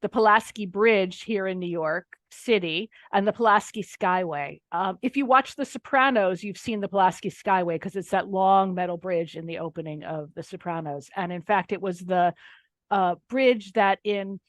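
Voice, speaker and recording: A middle-aged woman from Pennsylvania, a nonfiction author, telling anecdotes in a lively, wry way. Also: mid-range voice, normal speed, no room sound. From Pennsylvania, USA. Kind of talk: casual interview storytelling.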